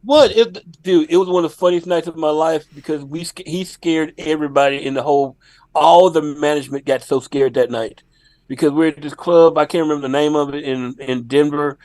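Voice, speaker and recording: A male comedian, a guest on a podcast, telling a story in a lively, laughing way. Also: on the high side, brisk, dry recording.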